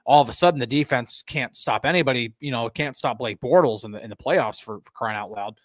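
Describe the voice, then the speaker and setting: A man's voice: mid-range voice, brisk, no echo, clean studio sound. A man co-hosting a sports podcast, talking analytically and casually, with frequent restarts. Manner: conversational, analytical, many restarts. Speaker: podcast co-host.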